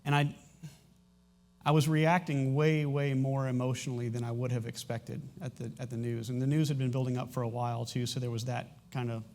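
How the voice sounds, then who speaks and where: A middle-aged pastor addresses his congregation from a church stage, with a voice of ordinary middle pitch for a man. He talks candidly and haltingly, restarting sentences as emotion presses in, plainly struggling to hold it together. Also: flat delivery, darkish tone. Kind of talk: sermon announcements and personal testimony. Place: church sanctuary.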